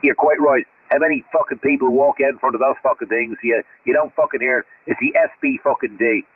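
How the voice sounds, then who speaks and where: A man's voice: mid-range voice, quick pace, narrow, tinny audio. Swearing Australian man on CB radio. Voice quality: swears constantly, rambling. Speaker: CB radio operator. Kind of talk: casual CB radio chat. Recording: CB radio transmission with static.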